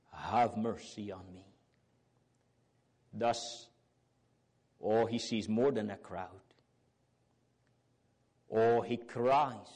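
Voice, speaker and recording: A man's voice: on the low side, darkish tone. A man preaching a sermon, earnest and fervent, with old biblical phrasing and rising exclamations.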